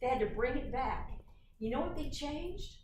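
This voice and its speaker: A woman giving a university lecture in a lively, chatty way, often putting questions to the class. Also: high-pitched, normal speed, slight background noise. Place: lecture hall. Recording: echoey hall, from far off.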